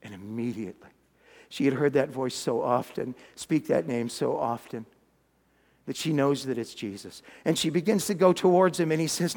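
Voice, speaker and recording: A man preaching a sermon, retelling a story in a lively way with folksy, humorous asides. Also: medium pitch, normal speed, creaky, big-room sound.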